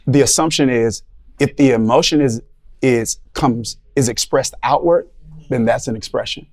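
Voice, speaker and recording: A man's voice: mid-range voice, normal speed, a little mellow. A man discussing ideas on a podcast panel, thoughtful and searching for his words.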